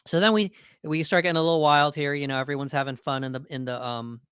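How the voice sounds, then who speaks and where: A man's voice: a little high, steady tone, quick pace, a bit bright, clean tone, no room sound, studio quality. A man co-hosting a podcast, talking through a movie in a loose, rambling way with plenty of fillers and restarts. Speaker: podcast co-host. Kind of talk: casual film discussion.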